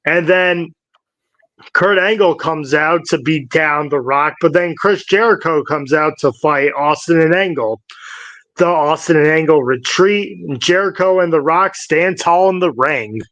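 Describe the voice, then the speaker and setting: A man co-hosting a podcast, recapping old wrestling shows in a halting, casual way with restarts. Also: a little high, fairly bright tone, no room sound. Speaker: podcast co-host.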